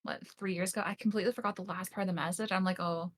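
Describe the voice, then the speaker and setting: A woman's voice: medium pitch, fairly even intonation, very fast, a bit bright. A woman joining a stream, talking casually and hesitantly, trailing off mid-thought.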